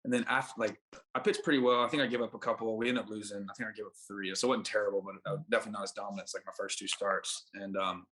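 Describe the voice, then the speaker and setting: A man's voice: on the low side, fairly even intonation, very fast, bright, forceful tone. A young man sits in as a podcast guest and spins a long, casual story. His delivery is laid-back and rambling, with "like" dropped into almost every sentence as he backtracks and restarts. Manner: rambling, laid-back, heavy use of "like" fillers. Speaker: podcast guest, baseball pitcher.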